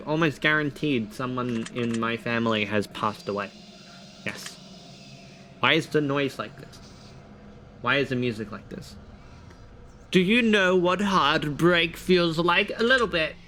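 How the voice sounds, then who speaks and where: On a live stream, a man with a bright, forward, medium-pitched voice reads out personality-quiz questions and answers each one himself. He keeps it loose and casual, with swearing mixed in, and a faint hiss runs under his voice.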